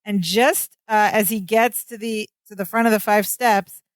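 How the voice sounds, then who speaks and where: A woman's voice: medium pitch, fairly even intonation, normal speed, dry recording, studio quality. A woman co-hosting a podcast, casually retelling sitcom scenes and quoting the characters. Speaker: podcast co-host. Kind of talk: casual chat recapping a sitcom episode.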